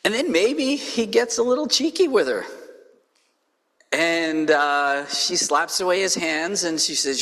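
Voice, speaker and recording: Male pastor, lively bright voice, slow unhurried delivery, church hall reverb, conversational sermon. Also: a little high. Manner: animated storytelling with playful quoted voices. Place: church sanctuary.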